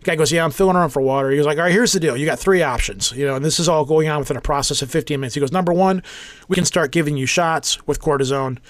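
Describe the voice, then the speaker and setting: Racing along in a voice on the high side, a 40-something podcast co-host tells a rambling, joking story stuffed with acted-out quotes. It's a casual storytelling chat, recorded dry.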